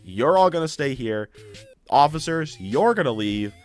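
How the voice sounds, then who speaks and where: A man's voice: mid-range voice, animated, unhurried, soft background music, lightly acted. A man voicing a menacing male killer in a rabbit mascot suit, taunting and threatening a hostage.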